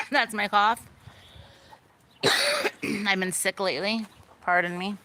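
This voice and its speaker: A woman's voice: medium pitch, animated, slow, noisy background. A young woman casually rambling through a backyard tour, full of "like" and "you know," often stopping to chat with her animals outdoors. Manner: rambling, filler-heavy, chatting to her animals. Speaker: vlogger giving a backyard tour.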